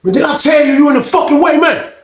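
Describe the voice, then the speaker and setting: A man's voice: very high voice, fast talker, voice pushed up. Man doing a menacing hot-tempered inmate. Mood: angry. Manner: shouting, menacing, profane. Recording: roomy echo.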